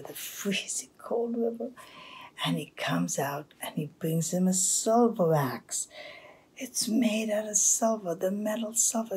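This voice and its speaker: A woman telling a folktale aloud, narrating in a hushed, half-whispered way with pauses. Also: mid-range voice, vocal fry, breathy edge. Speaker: storyteller. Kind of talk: oral storytelling.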